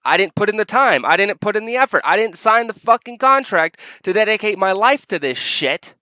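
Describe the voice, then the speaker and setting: A man's voice: high voice, expressive, a little fast, pushed and bright, dry recording, pitched above the performer's own voice. A man mocking a whiny entitled spouse. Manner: mocking, sing-song whine. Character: whiny entitled military spouse, grasping and smug.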